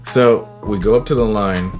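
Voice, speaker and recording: Deep-voiced man telling a story over guitar. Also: normal speed. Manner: animated, acts out the people he quotes. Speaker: YouTuber telling a personal story. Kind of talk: casual storytelling. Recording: guitar music under the voice. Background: guitar music.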